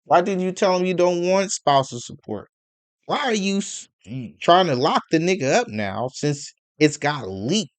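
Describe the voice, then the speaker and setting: A man's voice: high-pitched, big pitch swings, measured pace, no room sound. A man giving casual ranting commentary, profane and rambling, piling up rhetorical questions between stammered fillers. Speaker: commentary vlogger.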